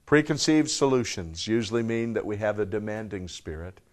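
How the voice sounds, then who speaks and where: With lively intonation and a moderate pace, a pastor preaches to his congregation. Rhetorical questions come one after another as his voice shifts from loud, emphatic peaks to hushed lows.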